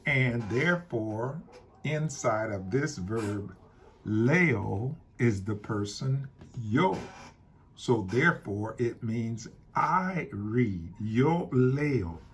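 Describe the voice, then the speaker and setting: A man teaching a Spanish grammar lesson, explaining slowly and repeating key points. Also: mid-range voice, expressive, a little hiss or hum. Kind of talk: classroom-style grammar lesson.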